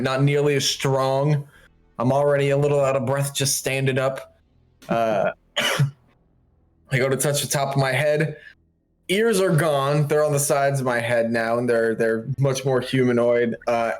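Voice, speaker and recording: A man playing a tabletop game, describing his character in the first person. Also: medium pitch. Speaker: player. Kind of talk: in-character roleplay narration.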